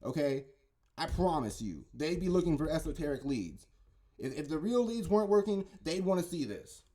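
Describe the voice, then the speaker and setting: A man's voice: a little high, very animated, moderate pace, mellow. A man talking in a casual, rambling monologue, insistent and often stumbling over his words. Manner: insistent, keeps asking "right?" and "okay?". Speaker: conspiracy commentator.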